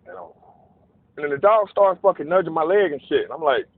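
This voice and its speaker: A man telling a casual, profane story, animated and acting out voices in quotes. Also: a little high, fairly quick, creaky. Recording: narrow phone-like dry sound.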